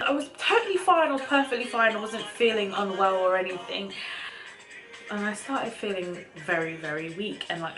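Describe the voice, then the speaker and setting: A young woman vlogger casually telling a personal story to camera in a chatty, animated way, with slang. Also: lowish voice, rough recording.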